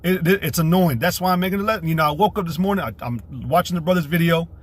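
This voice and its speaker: A man's voice: on the high side, fast talker. Profane combative male street preacher. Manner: mocks women in a mimicking voice. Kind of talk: livestream sermon rant.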